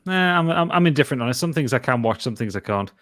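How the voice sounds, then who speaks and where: A man with a Northumbrian accent co-hosting a casual podcast, halting and restarting as he reads out listener posts. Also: mid-range voice, lively intonation, a bit bright, dry recording. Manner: halting, with frequent restarts when reading aloud.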